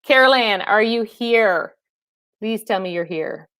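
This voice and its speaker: A woman's voice: mid-range voice, measured pace, a bit bright, clear, resonant tone, dry recording, clean studio sound. A woman fitness trainer hosting a casual live stream, chatting and laughing with viewers and calling them by name.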